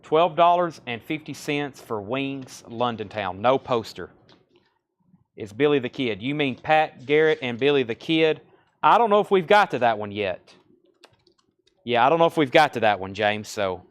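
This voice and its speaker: A man from Tennessee with a Southern accent, hosting a live record sale and briskly calling out titles, prices and buyers. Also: mid-range voice, expressive. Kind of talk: live-stream sales patter.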